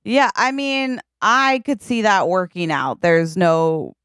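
A woman's voice: lowish voice, takes it slowly, a bit bright, clean tone, no room sound, studio quality. A woman co-hosting a podcast in casual chat, joking around and acting out little voices. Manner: playful, jokey, acts out little voices. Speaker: podcast co-host.

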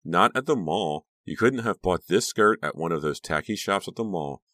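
A man's voice: sits low, lively intonation, normal speed, bright, forceful tone, no echo, voice pushed up, exaggerated voice. A man voicing a bubbly, pushy teenage girl who gushes and chirps and talks over others. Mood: gushing.

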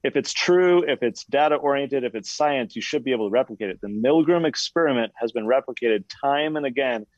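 A man co-hosting a casual podcast, retelling a story with lively acted-out voices. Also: medium pitch, a little fast, few pauses, no room sound, lo-fi sound. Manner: animated storyteller acting out quoted voices. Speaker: podcast co-host.

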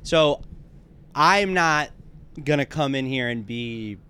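A man's voice: mid-range voice, expressive, takes it slowly, sharp tone, clean tone. A man co-hosting a casual podcast, rambling and self-deprecating, often trailing off into a mumble. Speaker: podcast co-host.

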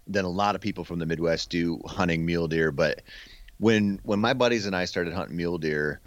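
A man's voice: low voice, a little fast, dry recording. A man in casual podcast conversation, telling easygoing hunting stories with plenty of "man" and "freaking". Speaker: podcast guest. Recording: dull, dry lo-fi sound.

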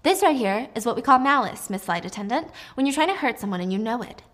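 A woman's voice: animated, fast, fairly bright tone. A woman doing a cold, vengeful woman. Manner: cold, low, menacing.

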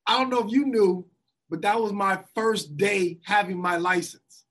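A man's voice: sits high, normal speed. A man telling a wild story from his youth in a casual chat, laughing often and acting out what people said. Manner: animated storyteller, laughs often, acts out quotes.

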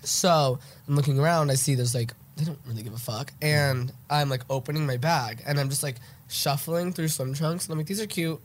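A man's voice: a little high, a little fast, few pauses. Young male co-host, stuffy nose, casual storyteller, swears freely. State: congested. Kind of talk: casual chat.

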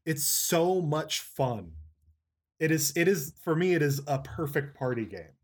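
A man's voice: on the high side, animated, unhurried. A man co-hosting a podcast, chatting in an upbeat, enthusiastic way. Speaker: podcast co-host. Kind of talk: casual interview.

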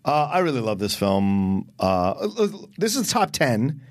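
Animated man in dry close-miked talk. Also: fairly low pitch, slow, no room sound. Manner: animated, enthusiastic, talks in bursts with restarts. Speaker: podcast co-host. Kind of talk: casual film discussion.

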